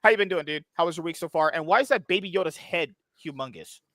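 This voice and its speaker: A man with a bright, fairly high voice hosts a loose podcast chat, crude and joking, swearing as he goes. The sound is dry and close on the mic, with no room around it. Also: animated, fast, dry recording. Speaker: podcast host. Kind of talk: casual chat.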